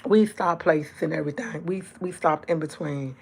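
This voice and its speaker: A woman telling a rambling story to her livestream audience, talking fast and jumping from point to point. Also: deep voice, creaky, husky. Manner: fast, rambling talk that jumps around; chatty and animated when retelling events. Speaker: livestream host. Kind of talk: casual storytelling to a live audience.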